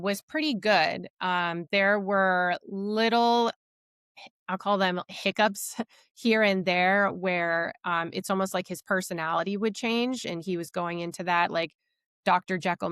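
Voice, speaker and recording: A woman's voice: on the low side, fairly bright tone, clear, resonant tone, no echo, studio quality. A woman guest on a podcast, telling her own story candidly and reflectively, with many fillers. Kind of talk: personal storytelling.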